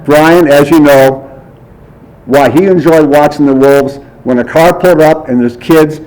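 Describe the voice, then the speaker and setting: A man speaks at a memorial service through a podium mic, sharing stories about a friend. His voice sits a little high for a man. He chats easily, acts out the exchanges, and often breaks into a chuckle. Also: measured pace, a little mellow, low-quality recording. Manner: chatty storyteller who acts out dialogue and chuckles often. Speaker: friend giving a eulogy. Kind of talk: memorial speech, anecdotal storytelling.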